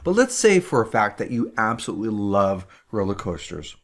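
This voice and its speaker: An earnest man with a slightly low voice gives a motivational talk to business owners. He often stumbles and repeats words as he builds his point. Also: big pitch swings, moderate pace. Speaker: business coach.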